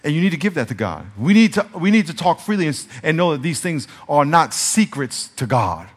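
A male pastor preaching a conversational sermon, shifting between soft, confiding passages and emphatic peaks. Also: fairly high pitch, big pitch swings, fairly quick, husky. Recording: reverberant church hall sound.

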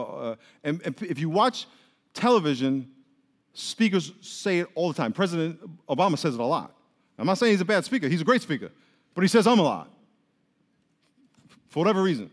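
A man preaching a sermon as pastor, lively, often acting out quoted voices. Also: on the high side, brisk, pauses often. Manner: animated, acts out quoted voices. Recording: long reverb of a large hall.

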